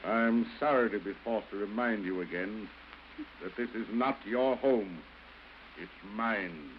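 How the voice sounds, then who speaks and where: A man's voice: lowish voice, measured pace, highs cut off, close to an everyday voice. An actor playing a bitter husband who coldly refuses his estranged wife, with theatrical early film outbursts, on an old hissy soundtrack. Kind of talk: early 1930s film acting.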